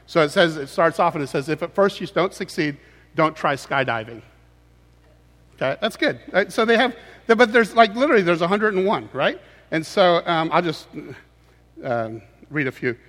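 A man preaching a humorous sermon in a conversational, teasing way with animated asides. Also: high-pitched, moderate pace, big-room sound.

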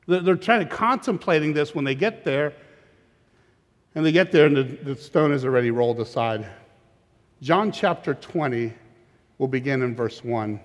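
A man's voice: mid-range voice, normal speed, long reverb tail. A man preaching a sermon as pastor, emphatic and often repeating words as he starts a phrase.

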